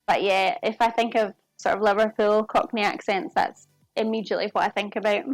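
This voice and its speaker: A woman's voice: mid-range voice, fairly even intonation, a little fast, no echo, faint music behind. A woman chatting casually with her viewers as she cooks on a live stream. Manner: chatty, talks to viewers while cooking. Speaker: cooking streamer. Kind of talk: casual live cooking chat. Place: home kitchen.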